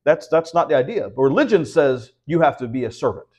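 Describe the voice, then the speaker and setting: Man, fairly high voice, conversational house church preaching, rhetorical questions. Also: sing-song, fairly quick, a little mellow, breathy edge. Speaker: pastor. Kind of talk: house church Bible teaching.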